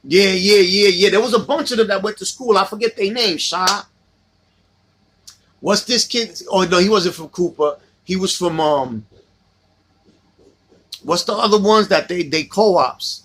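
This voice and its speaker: Middle-aged New York man, husky, slightly high, casual livestream host swapping stories. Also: measured pace, pauses often, fairly bright tone. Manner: reminiscing, reading out viewer comments.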